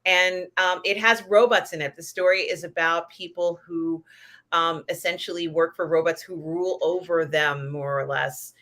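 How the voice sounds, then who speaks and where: A woman's voice: fairly low pitch, steady tone, normal speed, sharp tone. A woman hosting a casual live pop culture chat, rambling with lots of fillers and giggles. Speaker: host.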